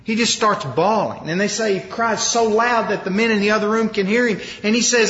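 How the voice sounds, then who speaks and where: A man preaching a sermon, retelling a story with lively acted-out quotes. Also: sits high, brisk, few pauses. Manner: animated storytelling, acting out quoted lines. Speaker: pastor. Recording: roomy hall, dull lo-fi sound.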